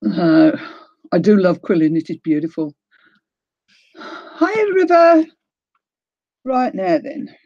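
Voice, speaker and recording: A woman's voice: fairly low pitch, lively intonation, normal speed, gravelly, no room sound. Older kiwi lady chatting on her craft stream, says hi to viewers, laughs a lot, dry dull-sounding mic. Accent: New Zealand. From New Zealand. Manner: chatty, greets viewers by name, laughs often. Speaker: craft livestream host. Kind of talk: casual livestream chat.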